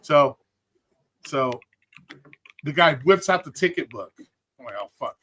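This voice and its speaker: A man's voice: a little high, lively intonation, takes it slowly, bright, forceful tone. A man telling stories on a live stream in a casual, blunt and profane way. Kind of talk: casual storytelling.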